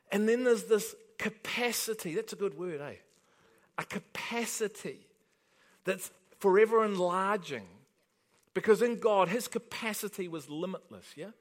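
High-voiced man preaching emphatically. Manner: emphatic, rhetorical questions to the congregation. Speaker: pastor. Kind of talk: sermon.

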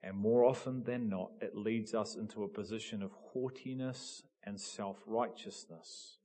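A man preaching a sermon, telling a story with animated build-ups and emphatic peaks. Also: fairly low pitch, a little slow. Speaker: pastor.

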